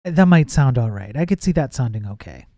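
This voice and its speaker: Here a man chats casually with his stream audience as he codes, reading chat and thinking out loud, frequently trailing off and starting over. He speaks at medium pitch in a brisk, sing-song, gravelly and warm way, mentioning that projecting makes him sound nasal. There's no room sound.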